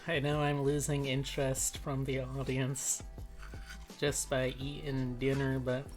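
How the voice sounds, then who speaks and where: A woman with a low, unhurried voice chats loosely with her stream audience between bites. Her talk is relaxed and drifting, and faint music plays behind her. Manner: relaxed, chats with viewers between bites, reads chat aloud. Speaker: livestreamer. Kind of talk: casual livestream chat while eating.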